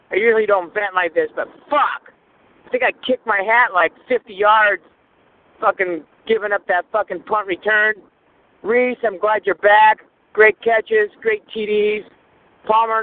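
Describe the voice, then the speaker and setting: A man leaving an angry voicemail while driving, ranting and swearing nonstop. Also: high voice. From Indio, California area. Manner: furious, swearing constantly. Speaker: caller. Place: in a car, driving. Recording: tinny phone line.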